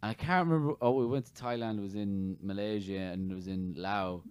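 A man's voice: fairly low pitch, brisk, darkish tone, clear, resonant tone. A man hosting a casual interview in a chatty, rambling way, often restarting his sentences. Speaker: podcast host, interviewer.

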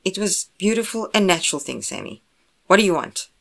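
A woman voicing a blunt grown man who talks in clipped lines, at times hushed. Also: low-pitched, normal speed. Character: gruff, blunt grown man, lover and hunter.

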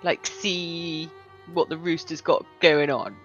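A woman's voice: low voice, fairly even intonation, slow, highs cut off, faint music behind. A woman playing a tabletop game in casual, playful talk. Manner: playful, bargaining. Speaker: player.

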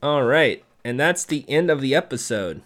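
A man's voice: mid-range voice, expressive, moderate pace, fairly bright tone, dry recording. A man giving a casual, sarcastic, profane play-by-play recap of a TV episode.

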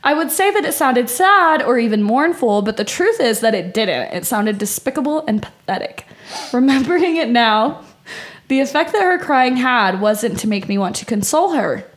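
A woman with a slightly high voice reads a creepy first-person tale aloud for a podcast. She moves between steady reading and loose, laughing chat with a co-host, swearing casually as she goes. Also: normal speed.

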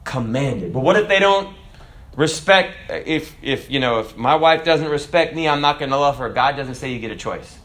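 A man delivers a sermon with an animated, emphatic energy. His voice has a bright, forceful edge. He keeps the talk conversational, throwing questions out to his listeners. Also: mid-range voice, moderate pace. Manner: conversational, asks the audience questions. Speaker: preacher.

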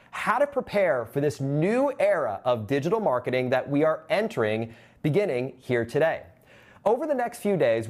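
A man hosting a live online marketing symposium, talking to camera with energetic, upbeat calls to action and reading out chat comments. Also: a little high.

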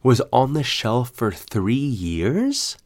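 A man telling stories in a casual solo chat, animated and profane, laughing often. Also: medium pitch, takes it slowly. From United States.

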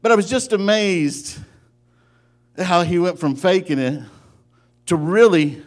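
A man preaching a sermon, telling a folksy story in an animated way and often breaking off to restart his sentences. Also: high-pitched, measured pace. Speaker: pastor.

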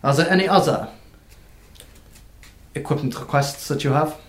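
A man voicing a prim, brisk female dwarf lawyer who talks in a curt, formal way. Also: on the high side, roomy sound, a little hiss or hum, pitched above the performer's own voice, close to an everyday voice.

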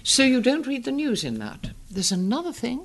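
An older woman from the Northeast of England with a Northern educated English accent, speaking in an articulate, emphatic, measured way as an interview guest. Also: on the high side, big pitch swings. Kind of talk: reflective interview talk.

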